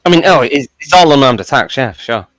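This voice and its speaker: Guy at the game table, bright voice, jokes around. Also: mid-range voice, expressive, fast, no echo. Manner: joking, chatty. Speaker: player. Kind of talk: casual game table chat.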